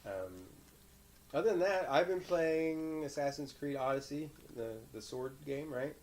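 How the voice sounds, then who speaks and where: A man hosting a casual chat with his young son, telling stories in an animated way and laughing often. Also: on the high side, measured pace, slight background noise. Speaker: podcast host and father.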